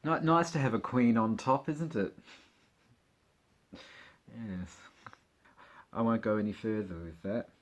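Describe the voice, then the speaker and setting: A man's voice: fairly low pitch, slow, pauses often. Giggly man chatting casually. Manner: chatty, giggly, joking asides while leafing through a magazine. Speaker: vlogger. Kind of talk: casual chat.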